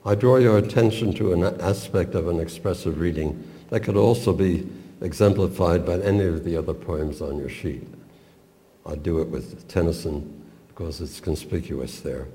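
A man lecturing on expressive poetry reading, with measured, deliberate and precise academic diction. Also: low-pitched, in a large hall.

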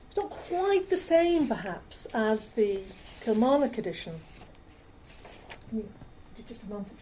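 A woman lecturing to an audience over slides, in a mellow, warm tone. She talks in a chatty way, stopping now and then to correct herself. There is a faint hum of room noise behind her. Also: a little high, low-quality recording. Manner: chatty, with fillers and self-corrections. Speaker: lecturer on rare books. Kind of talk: public talk with slides.

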